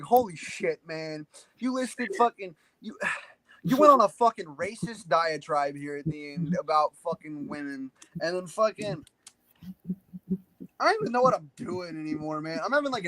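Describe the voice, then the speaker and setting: A man with a high-pitched voice rants as a podcast co-host, cursing constantly and sounding fed up. The sound is very dry and close, with no room around it. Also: fairly bright tone, dry recording. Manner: profane, exasperated ranting. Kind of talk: casual chat.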